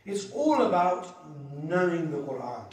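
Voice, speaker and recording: A man teaching an Islamic lesson, telling stories with lively acted-out voices. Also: high voice, unhurried. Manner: animated storyteller who acts out quoted voices and laughs. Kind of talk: sermon with told anecdotes. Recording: echoey hall, voice from far off.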